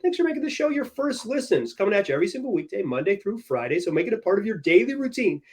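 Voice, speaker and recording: Speaking very fast in a high register, this young male podcast host chats casually about sports. His storytelling is energetic and lively, broken up by frequent laughter.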